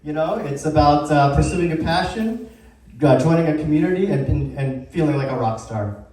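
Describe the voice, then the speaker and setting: A man's voice: a little high, animated, normal speed, darkish tone, slight background noise. Man telling stories in an echoey hall. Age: 30s. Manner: storytelling, upbeat, asks the crowd questions. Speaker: community organization founder. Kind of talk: anniversary talk to a live audience. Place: event space with live audience. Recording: very echoey room, heard from a distance.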